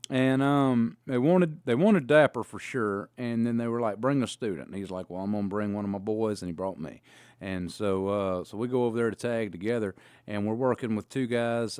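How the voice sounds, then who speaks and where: Rambling man, smooth dry voice. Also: fairly low pitch, darkish tone, no echo. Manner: drawling, rambling with fillers and restarts. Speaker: podcast co-host, wrestler. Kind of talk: casual storytelling.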